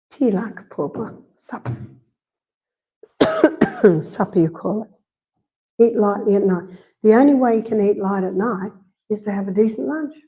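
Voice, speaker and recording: A woman's voice: medium pitch, mellow. A middle-aged woman with an Australian accent giving a live health lecture in a church hall, chatty, repeating key points and telling anecdotes. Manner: conversational, repeats points for emphasis, tells anecdotes.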